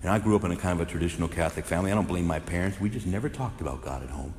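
A man who is a Catholic priest, preaching a sermon with lively storytelling that swings from hushed to loud. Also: low-pitched, rapid-fire. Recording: echoey hall with faint noise.

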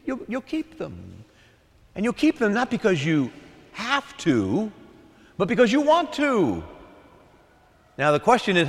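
A male priest preaches in a lively, swooping voice that rises and falls for emphasis, circling back to his key phrases. His voice sits somewhat high for a man. Long reverb from the large church trails after each line. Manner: animated preaching, repeats key phrases, asks listeners for agreement. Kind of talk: sermon.

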